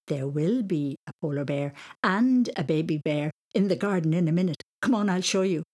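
A woman voicing a kind, playful father in a storybook reading, teasing gently. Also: lowish voice, normal speed, natural voice.

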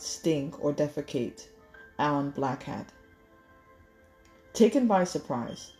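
A woman reading a novel aloud in measured storytelling, correcting small slips as she goes. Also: low-pitched, warm tone. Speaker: audiobook reader.

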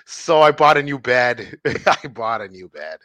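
A man's voice: mid-range voice, lively intonation, unhurried, crowd noise. A man in a casual comedy podcast chat, laid-back and jokey, slipping into silly voices as he tells stories. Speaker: podcast co-host.

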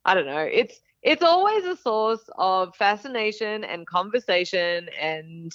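Lively Australian woman guest. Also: mid-range voice, dry recording, muffled recording. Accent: Australian with a slight Texas Southern touch. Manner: lively, laughs often, quick asides. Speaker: guest, meat and barbecue video maker. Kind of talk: casual interview chat.

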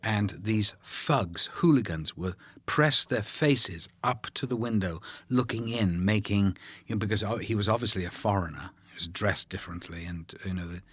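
An older man recalling making a film in a relaxed, rambling commentary, full of ums and drifting into whispers. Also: on the low side, normal speed, hardly any pauses, slightly rough, dry recording. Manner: rambling, warm anecdotes, frequent ums, drops to whispers.

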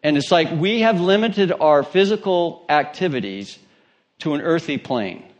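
A man's voice: on the high side, animated, unhurried, highs cut off. A man preaching a sermon in a church, telling stories in a conversational way and joking with his congregation. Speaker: pastor.

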